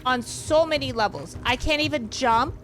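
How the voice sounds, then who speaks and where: A woman streaming a video game live, reacting with frustration, swearing and shouting in bursts. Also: high-pitched, normal speed, soft background music. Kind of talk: live gaming stream commentary.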